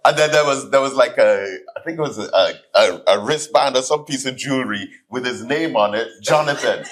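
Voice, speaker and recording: A man giving a sermon-style keynote address in a hall, telling stories with lively acted-out voices. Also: mid-range voice, normal speed. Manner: animated storytelling, acts out voices in anecdotes. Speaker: keynote speaker, student minister. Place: hall, live audience.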